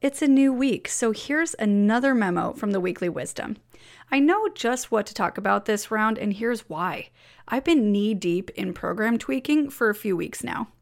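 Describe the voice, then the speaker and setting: A woman's voice: medium pitch, lively intonation, normal speed, vocal fry. A woman reading her weekly blog memo aloud as a personal letter, upbeat and encouraging.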